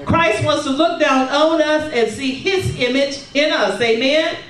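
A woman preaching a sermon, calling for responses and filling her pauses with hallelujahs and amens. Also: high voice, fairly bright tone, slight background noise. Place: church sanctuary. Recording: roomy, distant sound from across a sanctuary.

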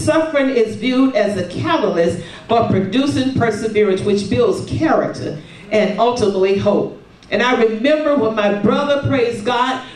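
A woman preaching a sermon, calling for responses and filling her pauses with hallelujahs and amens. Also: fairly high pitch. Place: church sanctuary. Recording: roomy, distant sound from across a sanctuary.

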